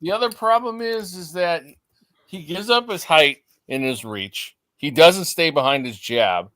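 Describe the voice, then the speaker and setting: A man's voice: fairly high pitch, measured pace, fairly bright tone, no room sound. A man on a boxing talk panel, giving blunt, matter-of-fact analysis.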